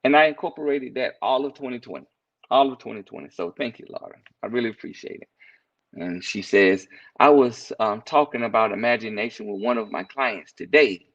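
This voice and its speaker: A man's voice: medium pitch, a little fast, a bit bright, muffled recording. A man hosting a live stream, giving a casual inspirational talk, reading out viewers' comments and chuckling as he thanks them by name.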